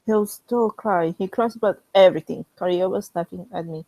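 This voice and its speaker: Low-voiced woman reading a fan story, throat strained. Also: moderate pace, few pauses, dry recording, rough recording. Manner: steady, chatty asides between passages. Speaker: fan reading fanfiction in character.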